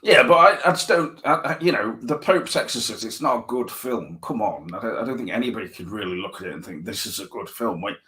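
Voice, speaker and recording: Lowish bright-voiced guy, blunt, kind of dismissive, drawls his points out. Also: animated, low-quality recording. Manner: blunt and dismissive, drawn-out phrasing. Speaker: podcast co-host. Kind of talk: casual chat.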